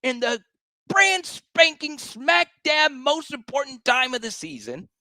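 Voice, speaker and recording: A man's voice: extremely high pitch, very animated, measured pace, pushed and bright, dry recording. A man hosting a sports talk show, ranting with emphatic, exasperated repetition.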